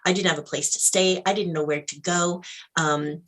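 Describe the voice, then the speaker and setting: A woman, a guest in an interview, tells a personal story with animated acted-out dialogue. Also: lowish voice, normal speed. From Canada. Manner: animated storyteller, acts out dialogue, laughs often.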